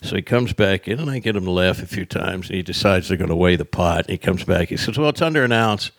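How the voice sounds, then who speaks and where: A lowish, gravelly male voice recorded dry and close on a podcast mic. A comedian spins road anecdotes, slipping into quick impressions of the people in them. He breaks into his own laughter now and then. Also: no room sound. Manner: lively raconteur who acts out others' lines and laughs at his own tales. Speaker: stand-up comedian, podcast guest. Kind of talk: casual storytelling interview.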